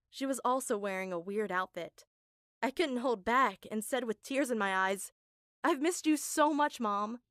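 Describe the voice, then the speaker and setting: A woman tells a first-person story in an earnest, emotional voice that sits on the high side. The recording is close and dry, with no room sound. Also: fairly bright tone, no echo. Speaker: narrator.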